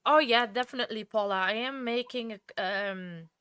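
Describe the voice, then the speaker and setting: A woman's voice: a little high, normal speed, sharp tone, clean tone, dry recording, studio quality. A woman hosting a casual true crime livestream, tired and emotional, rambling with many restarts and answering viewers by name. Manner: emotional and heartfelt. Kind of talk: casual live stream chat.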